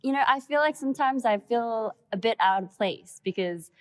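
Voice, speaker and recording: A woman with an Australian accent answering interview questions, soft-spoken and thoughtful, often trailing off quietly. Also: on the high side, lively intonation, moderate pace, dry recording. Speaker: guest singer.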